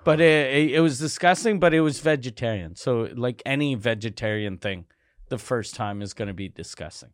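A man's voice: mid-range voice, moderate pace, no echo, clean studio sound. Laid-back male co-host telling stories. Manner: laid-back, profane storytelling. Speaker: podcast co-host. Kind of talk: casual comedic banter. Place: studio with microphones.

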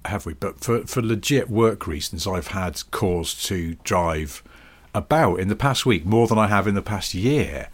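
A man's voice: on the low side, animated, a little slow. A man co-hosting a podcast, chatting casually in a wry, rambling, drily jokey way. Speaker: podcast co-host. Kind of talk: casual chat.

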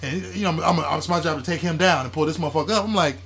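Rapid, high-voiced man riffing profanely. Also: creaky, breathy edge. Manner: profane, animated, talks over others. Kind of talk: casual chat.

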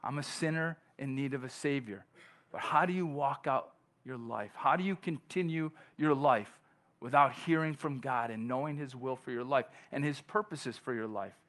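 A pastor preaching a conversational sermon in church, often checking in with "right?" and acting out the questions of churchgoers. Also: male voice, mid-range voice, moderate pace, fairly bright tone. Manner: acts out quoted voices of churchgoers.

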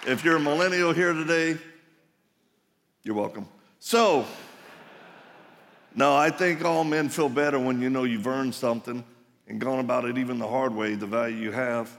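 Gravelly man preaching in a hall. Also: medium pitch, moderate pace, long pauses, fairly bright tone, some chatter behind. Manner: folksy storytelling with laughs and asides. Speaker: conference speaker. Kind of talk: live sermon to men. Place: large hall, live audience. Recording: reverberant hall.

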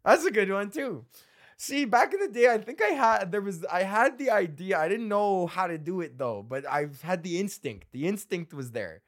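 Profane rambling man, higher pitch. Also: animated, moderate pace. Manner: profane, rambling, laughs at own jokes. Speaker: comedian podcast host. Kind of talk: solo comedy podcast, reading old jokes.

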